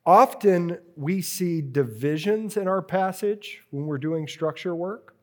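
Teaching a preaching workshop to a live group, a man works through a drawing slowly and deliberately, repeating key phrases. His voice is high with a darkish tone.

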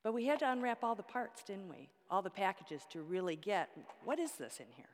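A woman's voice: mid-range voice, lively intonation, fairly quick. Woman teaching Bible study in a reverberant hall. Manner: explains with props and rhetorical questions.

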